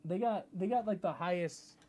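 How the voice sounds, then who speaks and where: A man's voice: high-pitched, normal speed, warm tone. Rambling American streamer guy. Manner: rambling and chatty, often reading chat aloud. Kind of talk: casual live-stream chat. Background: background music.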